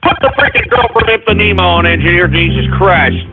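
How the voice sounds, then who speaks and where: An agitated man hosting a live radio show, cursing and stumbling through restarts and fillers. His voice is fairly high and comes through a thin, phone-like line. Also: animated, fairly quick, music in the background. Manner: agitated, swearing, rambling with many fillers. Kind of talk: live call-in radio rant.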